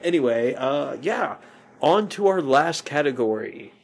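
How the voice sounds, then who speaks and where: A man's voice: mid-range voice, sing-song, measured pace, gravelly. A man hosting a movie podcast in casual chat, rambling and often correcting himself. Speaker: podcast host.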